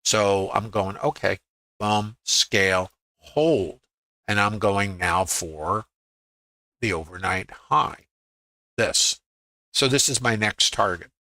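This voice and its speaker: A man's voice: on the low side, takes it slowly, pauses often, bright, forceful tone, no echo. A middle-aged man on a live stream, walking through his trades on screen and thinking aloud, quoting his own inner voice as he goes. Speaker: trading educator on a live stream. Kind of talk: live screen-share trading review.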